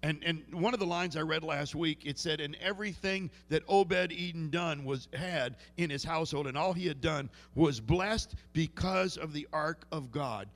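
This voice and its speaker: A man's voice: on the high side, normal speed, hardly any pauses. A man preaching a sermon in a church, telling folksy stories and often restarting his sentences. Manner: folksy storytelling with many restarts. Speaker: pastor. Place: church sanctuary. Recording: long hall reverb.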